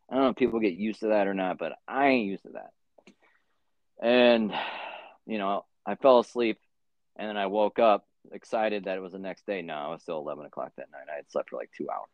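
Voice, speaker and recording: A man's voice: fairly low pitch, a little fast, no room sound. A man telling a long story in casual podcast chat, rambling and profane with many fillers. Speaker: podcast host. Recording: dull lo-fi sound.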